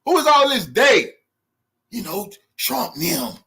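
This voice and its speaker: Heated, mocking man with a high, lively voice. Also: slow pace, vocal fry. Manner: heated, mocking, profane, laughing often. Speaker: commentary channel host. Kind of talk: reacting to news clips.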